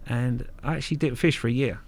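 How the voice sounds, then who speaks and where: A man's voice: mid-range voice, fairly even intonation, fast, darkish tone. A middle-aged man from Kent, telling stories as a guest in a casual interview, frank and earthy, swearing freely and repeating words. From Kent, England. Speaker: guest angler.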